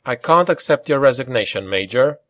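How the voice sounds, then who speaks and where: A man's voice: medium pitch, expressive, fairly quick, a bit bright, no room sound, studio quality, lightly acted. A man voicing a stern male mercenary colonel who speaks in a hard, level, commanding way in an audiobook reading.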